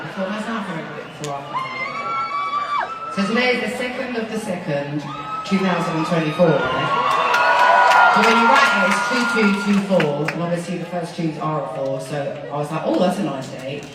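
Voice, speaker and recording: A woman chatting playfully with a concert audience from the stage, excitable and laughing often. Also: fairly low pitch, moderate pace, loud music behind the voice. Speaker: singer talking to a concert audience. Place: large concert hall with balconies. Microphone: stage microphone. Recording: roomy live hall sound, crowd noise, from a distance. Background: cheering crowd.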